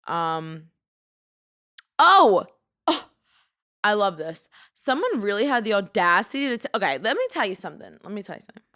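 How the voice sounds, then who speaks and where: A young woman with a New York accent hosts a casual solo podcast. She talks in a loose, rambling way, with plenty of "like" and strong opinions. Her voice sits at an everyday middle pitch for a woman. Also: fast, few pauses. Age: young adult. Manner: rambling, lots of "like", animated and opinionated. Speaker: podcast host.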